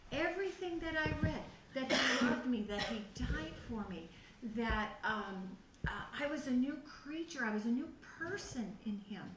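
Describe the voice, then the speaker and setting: A middle-aged woman telling her personal testimony to a youth group, animated and acting out her own past reactions. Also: sits high. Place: church youth room. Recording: echoey room, voice from far off the mic, faint noise.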